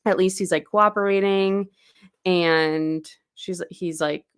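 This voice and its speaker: A woman's voice: on the low side, steady tone, slow, clean tone. A woman co-hosting a podcast, casually retelling a novel's plot and acting out bits of dialogue. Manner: retells the plot in quoted snippets, loose and chatty. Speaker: podcast co-host. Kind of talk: casual book recap chat.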